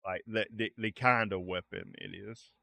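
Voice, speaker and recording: A man's voice: lowish voice, steady tone, moderate pace, vocal fry, bright, forceful tone, no echo. A man narrating a tabletop role-play game as game master, in a loose conversational way with fillers.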